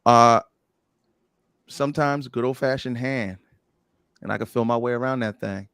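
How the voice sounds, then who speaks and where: A man telling candid stories in a casual chat, playful and bold, his voice jumping up when excited. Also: mid-range voice, moderate pace, smooth, no echo, clean studio sound. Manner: animated storyteller, playful and bold. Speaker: podcast guest.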